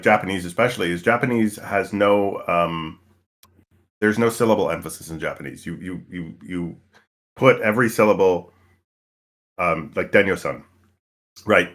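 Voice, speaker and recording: A man's voice: fairly low pitch, a bit bright. A man chatting casually between turns of a tabletop game, rambling with many restarts and fillers. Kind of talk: casual chat.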